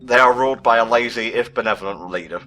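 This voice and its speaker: A man's voice: medium pitch, fast, bright, forceful tone, faint music behind. A British man giving casual, sardonic commentary on a game he plays, often stumbling as he hunts for words. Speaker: let's play commentator.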